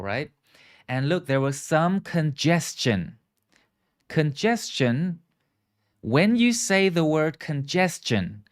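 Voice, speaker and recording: A man teaching English live, explaining words and asking viewers to repeat after him. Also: mid-range voice. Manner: frequent "okay" and "right" checks. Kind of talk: live online English lesson.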